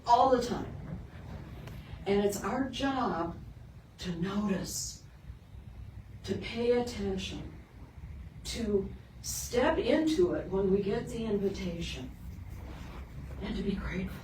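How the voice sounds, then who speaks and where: A middle-aged woman minister giving a storytelling sermon, lively when telling the story and soft and earnest when making her point. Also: medium pitch, takes it slowly, long pauses. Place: sanctuary of a spiritual center. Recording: roomy, distant, with background noise.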